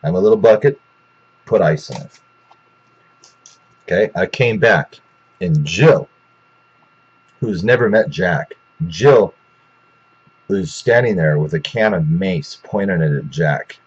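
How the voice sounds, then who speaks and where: A man's voice: low voice, animated, slow, pauses often, slightly rough, muffled recording. A man telling a rambling, profane story in a casual way, with lots of restarts.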